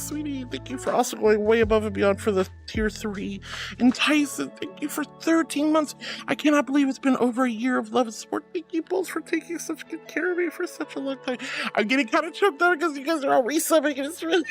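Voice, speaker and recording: A woman's voice: sits high, animated, brisk, faint music behind. A woman streaming casually, reading chat messages aloud and thanking viewers in a gushing, affectionate way.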